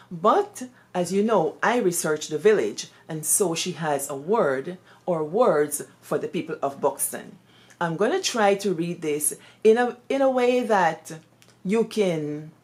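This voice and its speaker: A woman with a Guyanese accent, a former teacher, telling personal stories in an expressive, lively way sprinkled with Creole phrases. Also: deep voice. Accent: Guyanese Creole-tinged English. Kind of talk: animated personal storytelling.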